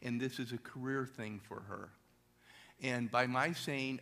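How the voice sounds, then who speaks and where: A middle-aged man, a motivational speaker, telling an energetic story to a church audience and asking them questions. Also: medium pitch, unhurried.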